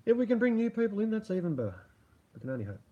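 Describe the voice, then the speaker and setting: A man's voice: high-pitched, sing-song, racing, dark tone, slightly rough, lo-fi sound. A middle-aged man hosting a casual livestream and talking to his chat, rambling and profane, laughing often and sarcastic. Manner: sarcastic about media. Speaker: livestream host reading chat.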